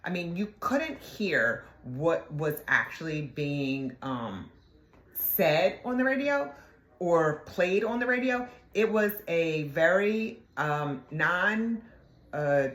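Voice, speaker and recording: A middle-aged woman, a former police detective, telling a workplace story in a halting way, with many fillers and asides. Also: deep voice. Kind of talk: casual storytelling. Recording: echoey room.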